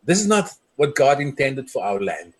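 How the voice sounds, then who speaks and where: Earnest storytelling man, husky voice. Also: medium pitch, sing-song, moderate pace. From South Africa. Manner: earnest storytelling, quoting others. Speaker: community leader. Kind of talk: impassioned speech.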